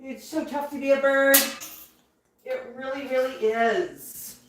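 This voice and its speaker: A woman hosts a casual livestream and talks gently to her parrots in an unhurried, high voice. She sounds set back from the mic in a very echoey room with a faint hiss behind her. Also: recorded from a distance. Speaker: livestream host with pet parrots. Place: indoor room with pet parrots.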